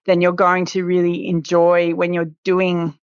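A woman's voice: on the low side, completely flat delivery, measured pace, clear, resonant tone, no echo. Rambling woman guest on a muffled line. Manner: warm, rambling, light laughs, searches for words. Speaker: naturopath guest. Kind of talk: casual interview chat. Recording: dull, muffled remote line.

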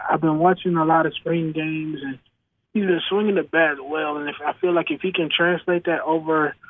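A man calling in to a sports radio show, talking haltingly with many pauses and restarts. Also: fairly high pitch. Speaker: caller. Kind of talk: call-in sports talk. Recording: muffled phone line.

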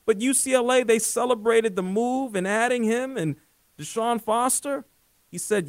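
A man's voice: very high-pitched, moderate pace, no room sound. A man hosting a sports talk radio show, opinionated and joking as he talks.

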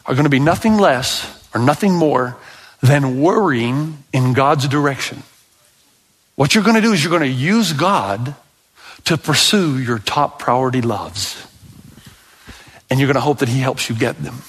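A man's voice: measured pace, a bit bright, slightly rough. A middle-aged man preaching a sermon to a congregation, talking straight to his listeners and growing impassioned when he tells stories. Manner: impassioned, rising pitch when telling stories; addresses congregation directly, leads repetition. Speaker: pastor.

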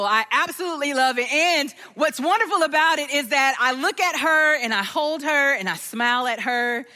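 A middle-aged woman gives an animated talk in a church auditorium. Her voice sits high and sounds bright and lively. She speaks with open enthusiasm and laughs often. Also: in a large hall. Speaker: guest speaker. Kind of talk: sermon talk.

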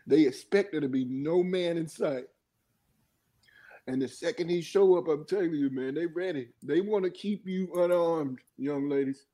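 A man's voice: on the high side, dark tone. Tearful impassioned man. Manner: impassioned, halting, swears. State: crying. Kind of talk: emotional group discussion.

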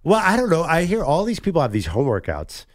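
A man's voice: a little high, huge pitch swings, fairly quick, no echo, studio quality. A man co-hosting a casual sports talk radio show, joking and bantering.

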